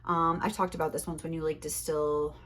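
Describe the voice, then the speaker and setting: A woman's voice: low-pitched, little pitch movement, fairly quick, a bit bright, slight background noise. A young woman giving a casual tarot reading, rambling and filling her talk with "like", a little out of breath. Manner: rambling, heavy use of "like". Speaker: tarot reader.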